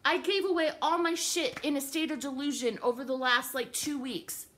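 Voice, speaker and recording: A woman's voice: high voice, steady tone, normal speed, fairly bright tone. A young woman venting in an angry, profane, sarcastic rant to the camera, upset and livid. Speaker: vlogger.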